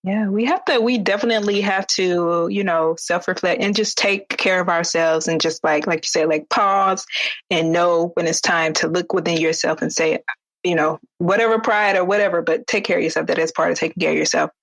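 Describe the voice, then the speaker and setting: A woman's voice: lowish voice, fairly even intonation, fairly quick, dry recording, low-quality recording. A woman hosting a podcast interview, affirming her guest and asking questions. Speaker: podcast host.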